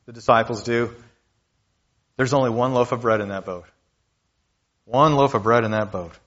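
Conversational male preacher, slightly muffled. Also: medium pitch. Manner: conversational preaching, repeats key lines. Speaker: pastor. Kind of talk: sermon.

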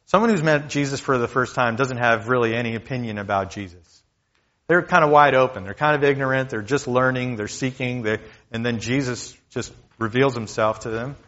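Male pastor, mid-pitched, casual preaching voice that repeats its points; slightly muffled recording. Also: fairly quick, fairly bright tone. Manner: conversational preaching, repeats key lines. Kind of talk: sermon.

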